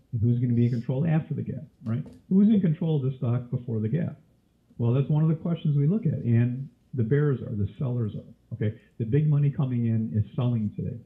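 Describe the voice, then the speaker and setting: Man teaching trading over tinny audio. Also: mid-range voice. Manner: quizzes listeners with frequent questions. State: coughing, throat irritation. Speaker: trading instructor. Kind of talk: live webinar teaching.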